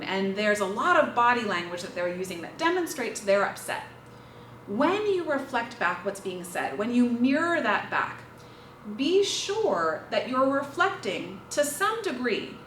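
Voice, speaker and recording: Woman trainer, animated instructional delivery, recorded off-mic in a roomy space. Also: fairly high pitch, far from the mic, slight background noise. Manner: lively, demonstrative, explains with examples. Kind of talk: instructional talk on listening skills. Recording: echoey room, voice from off-mic, faint ambience.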